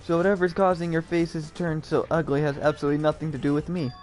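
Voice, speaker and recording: A man's voice: on the high side, level tone, quick pace, darkish tone, soft background music, lightly acted. A man voicing a cold, arrogant rich young man in a video game, reading the lines in a haughty, dismissive way. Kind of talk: reading game dialogue aloud.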